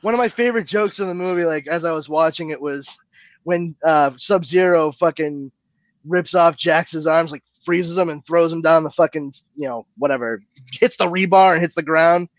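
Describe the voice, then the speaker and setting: A man in casual, profane podcast chat, cracking jokes and slipping into quick impressions. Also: a little high, no room sound, highs cut off. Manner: jokey, profane, does quick character impressions.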